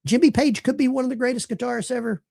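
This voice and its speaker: A man's voice: extremely high pitch, fast, vocal fry, darkish tone. A man from Alabama, hosting a call-in show and telling a rambling, folksy story. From Alabama, USA. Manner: rambling, folksy, with self-interruptions. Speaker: talk show host.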